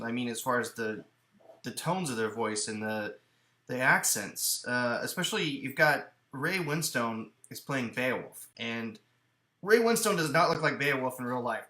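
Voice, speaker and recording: A man co-hosting a casual movie podcast, talking with animated energy and often restarting his sentences. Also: medium pitch, roomy sound. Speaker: podcast co-host. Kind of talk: casual chat about movies. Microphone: headphones and studio mic.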